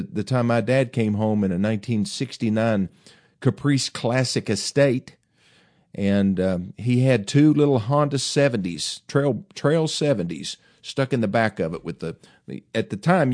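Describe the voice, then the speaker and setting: A man's voice: on the low side, a little mellow. A man in his fifties hosting a show, chatting casually and folksily, rambling with fillers and restarts. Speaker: host. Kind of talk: casual chat.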